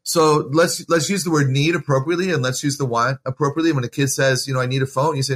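A man's voice: medium pitch, steady tone, fast talker, slight background noise. Earnest encouraging man giving parenting advice. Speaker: parenting author and guest. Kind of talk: conversational podcast interview.

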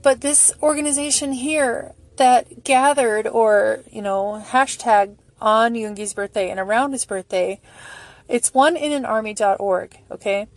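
Gushing middle-aged woman, bright and dry. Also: a little high, no room sound. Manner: emotional, gushing, reads posts aloud slowly. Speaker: fan vlogger reading charity posts. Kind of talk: casual on-screen commentary.

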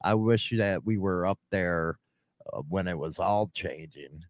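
A man's voice: sits low, unhurried, no room sound, studio quality. A man hosting a podcast in casual chat, joking and teasing his co-host with plenty of swearing.

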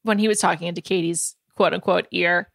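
A woman's voice: fairly low pitch, fairly quick, gravelly, no room sound, studio quality. A woman co-hosting a podcast, chatting casually and with strong opinions, who also reads the show's ads. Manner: lively, opinionated, emphatic. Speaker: podcast co-host. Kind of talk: casual chat and read ads.

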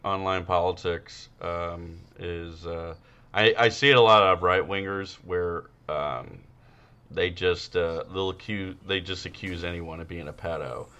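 A man's voice: low-pitched, fairly even intonation, unhurried, pushed and bright, clear, resonant tone, muffled recording. A man co-hosting a podcast, chatting crudely and rambling with many fillers. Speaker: podcast co-host. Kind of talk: casual comedic chat.

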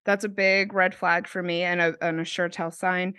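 A woman co-hosting a podcast in casual chat, laying out points in a measured way. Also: fairly low pitch, level tone, sharp tone, clear, resonant tone, no echo, studio quality. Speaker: podcast co-host.

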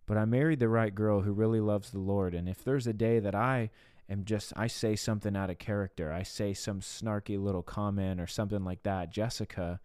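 Earnest low-voiced male podcast preacher. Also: steady tone, brisk, a little mellow, clear, resonant tone, no echo, studio quality. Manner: earnest, conversational preaching with rhetorical asides. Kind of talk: devotional podcast sermon.

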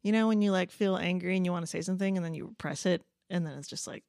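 A woman in casual podcast chat, animated, laughing often and acting out quoted voices. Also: on the low side, very fast, creaky, no room sound, studio quality.

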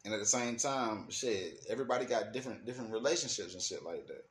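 This man's voice sits on the low side, and he talks quickly and with animation. He vents his opinions to the camera in African American Vernacular English, casual and emphatic, cursing and circling back over repeated words as he thinks. Faint background noise fills an echoey room.

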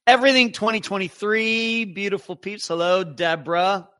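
A man's voice: sits high, steady tone, normal speed, pushed and bright, clear, resonant tone, no echo. A man hosting a live true crime show, chatting casually and greeting viewers one by one. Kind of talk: casual livestream chat.

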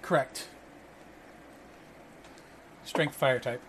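A man narrating as game master for a tabletop role-playing game, relaxed and full of fillers. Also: mid-range voice, extremely slow, slight background noise.

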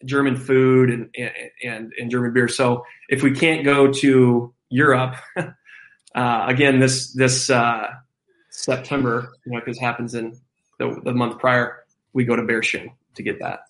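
An upbeat man talks as an interview guest, easygoing and quick to laugh. His voice sits in a middle register. The recording has a roomy echo around him. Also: medium pitch, flat delivery. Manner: enthusiastic, laughs often, some restarts. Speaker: guest, former college football player. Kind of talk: casual interview chat.

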